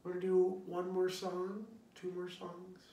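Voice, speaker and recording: A man teaching young children in an online singalong, talking gently and encouragingly in a playful way. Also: high-pitched, monotone, slow, slight background noise. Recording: roomy echo, distant from the mic, guitar.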